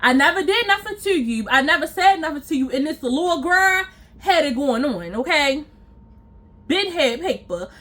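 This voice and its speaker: Bright, high-voiced woman telling a story. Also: normal speed. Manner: animated, repeats phrases for emphasis, acts out quoted lines. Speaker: storytime vlogger. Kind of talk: casual storytelling to viewers.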